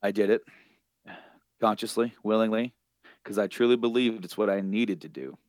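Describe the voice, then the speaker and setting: A man voicing a remorseful grown man, a villain begging to be killed, in a low, quiet retelling. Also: moderate pace, no room sound, clean studio sound, lightly acted. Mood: regretful.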